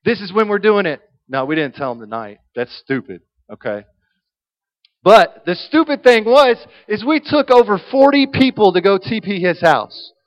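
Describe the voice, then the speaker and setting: A man preaching a sermon, telling a humorous story in an animated way. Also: sits high, moderate pace, poor audio.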